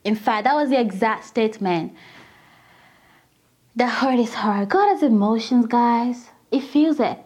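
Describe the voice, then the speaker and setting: A woman preaching a casual sermon in an animated, chatty way, addressing her listeners directly. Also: a little high, measured pace.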